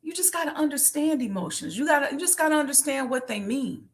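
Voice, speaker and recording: Woman host, high voice, passionate, preachy, repeats lines for emphasis. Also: lively intonation, fast. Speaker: business show host answering questions. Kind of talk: impassioned monologue.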